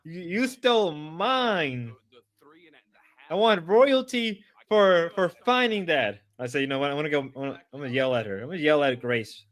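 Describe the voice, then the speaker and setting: A man hosting a live stream, reacting loudly and excitably while he chats and swears. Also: fairly high pitch, brisk, hardly any pauses. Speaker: streamer host. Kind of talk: casual live-stream chat.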